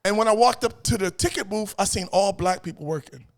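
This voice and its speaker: Gravelly high-voiced New man. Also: fairly quick. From New York. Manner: animated, acts out quoted voices, repeats phrases. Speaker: guest. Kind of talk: casual storytelling chat.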